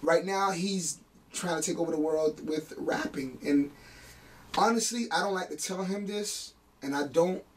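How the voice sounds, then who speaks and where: A man's voice: a little high, measured pace, far from the mic, slight background noise. A man, a music producer, chatting in an interview, telling family stories with laughs and some emotion. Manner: emotional, laughing, animated storytelling. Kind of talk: casual interview chat.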